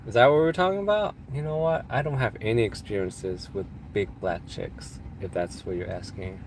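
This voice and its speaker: This livestream host from California has a lowish voice with big pitch swings, talking at normal speed with few pauses. His nose is blocked from allergies, yet he rambles, cracks jokes and laughs often as he answers chat. A little hiss or hum can be heard.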